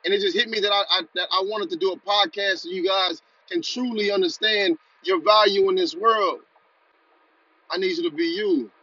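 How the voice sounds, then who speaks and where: A man's voice: sits high, steady tone, a little fast, few pauses, pushed and bright, highs cut off. A man hosting a podcast, giving an urgent motivational talk and leading the listener in repeat-after-me chants. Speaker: podcast host.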